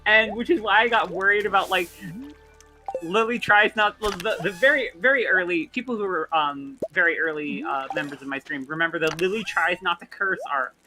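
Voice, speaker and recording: A woman's voice: mid-range voice, a little fast, pushed and bright, faint music behind. A woman chatting casually as a guest on a game stream, rambling and restarting mid-sentence.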